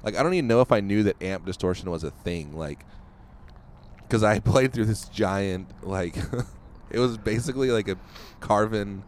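A man's voice: fairly low pitch, normal speed, slight background noise. A man cohosting a podcast, rambling casually and laughing easily. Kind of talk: casual chat.

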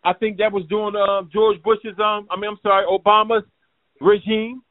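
A man's voice: sits high, flat delivery, moderate pace, no room sound. A man hosting a show, ranting in a combative, profane, rambling way. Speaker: show host. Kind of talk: ranting commentary. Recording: tinny phone-like, dry sound.

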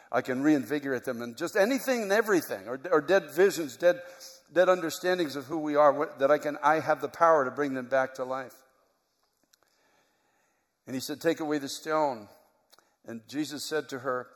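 A man preaching a sermon, moving from quiet, reflective teaching to loud, impassioned preaching. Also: mid-range voice. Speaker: pastor. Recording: long hall reverb.

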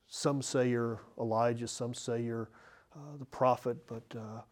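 A male pastor delivering an expository sermon from the pulpit, earnest and emphatic, moving between loud and soft. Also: medium pitch, fairly even intonation, a little slow. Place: church, speaking from the pulpit.

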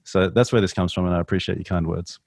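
Deep-voiced, mumbly Australian man. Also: fairly even intonation, quick pace, vocal fry, a little mellow, husky, dry recording, studio quality. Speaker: podcast guest, author. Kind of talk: casual podcast conversation.

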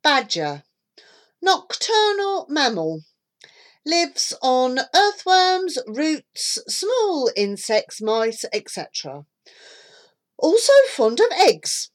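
A woman's voice: high voice, sing-song, very slow, voice pushed up, heavily acted. A woman voicing a bookish, know-it-all boy in a storybook reading, who recites facts primly. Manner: prim, reciting.

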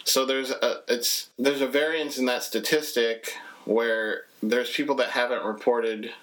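Young male podcast host, mid-pitched, candid and rambling. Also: steady tone, measured pace, a bit bright, rough recording. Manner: rambling, many restarts, candid. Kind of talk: casual podcast chat.

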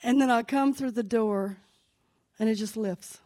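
This church leader's voice is a little high, warm, and a little slow. Leading a service in a sanctuary, she gives a conversational sermon with testimony, sharing family news anecdotally before rising into fervent prayer.

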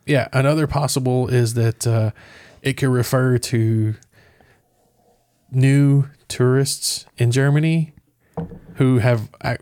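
A man's voice: mid-range voice, fairly even intonation, slow, a little mellow, smooth, dry recording, studio quality. A man co-hosting a casual podcast, explaining at length with hesitant fillers. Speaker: podcast co-host.

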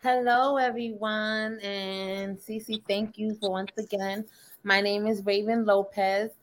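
A woman in her early thirties introducing herself on a panel, relaxed and earnest, with many fillers. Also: medium pitch, slow. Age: 30s. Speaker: panel guest. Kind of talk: casual personal introduction.

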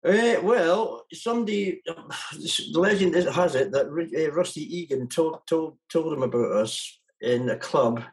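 A man's voice: fairly high pitch, animated, unhurried, rough recording. A man being interviewed as a musician guest, talking casually and rambling with many restarts.

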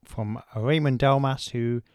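A man co-hosting a podcast who rambles through crude jokes in a deadpan way. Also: mid-range voice, takes it slowly, clear, resonant tone, no room sound, studio quality. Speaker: podcast co-host. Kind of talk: casual chat.

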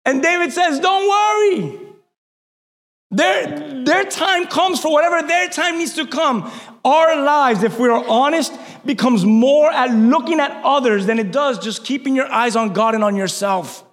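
A male pastor preaching a sermon, fervent, building to shouts and then easing down with self-mocking asides. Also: very high-pitched, moderate pace. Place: church hall. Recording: long reverb of a large hall.

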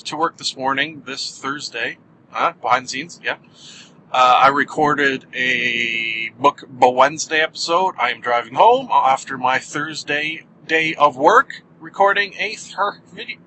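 In a rough recording, a podcast host drives and talks by himself, the engine and road humming underneath. His voice sits on the high side, bright and forceful, and he jokes wryly, mocking himself in a casual monologue.

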